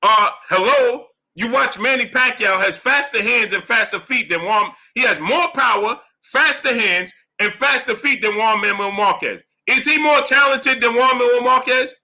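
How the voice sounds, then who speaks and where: A man's voice: very high voice, normal speed, few pauses, pushed and bright. A man hosting a boxing live stream, arguing emphatically with rhetorical questions and reading out super chats. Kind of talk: heated live-stream commentary.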